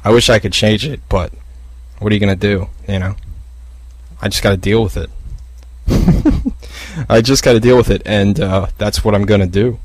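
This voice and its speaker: A man with a lowish voice hosting his own podcast, talking in a loose, profane, rambling way. He trips over restarts and fillers. The sound is close and dry. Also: fairly even intonation, a little fast, a little mellow, dry recording, low-quality recording. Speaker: podcast host. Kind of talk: casual solo podcast rant. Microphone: podcast microphone.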